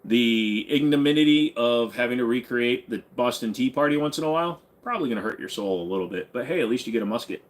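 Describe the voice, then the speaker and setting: A man hosting a casual livestream, reading viewer questions aloud and answering them in a relaxed, rambling, joking way. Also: mid-range voice, fast, few pauses. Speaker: livestream host answering chat.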